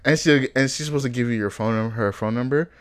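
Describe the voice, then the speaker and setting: A young man from Africa telling animated stories in casual chat, laughing often and acting out the quotes. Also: mid-range voice, quick pace, clean tone.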